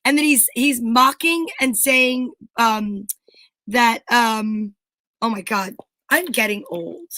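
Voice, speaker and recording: A woman co-hosting a casual sports talk show, gossipy and hesitant, filling pauses with "like". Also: a little high, sharp tone, no room sound. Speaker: co-host. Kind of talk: casual chat.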